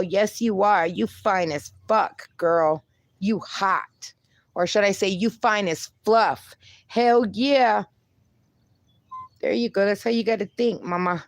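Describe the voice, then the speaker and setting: Hosting a relaxed livestream, a young woman reads viewer comments aloud and replies with upbeat encouragement, laughing a lot and swearing a little. She speaks slowly in a mid-range voice.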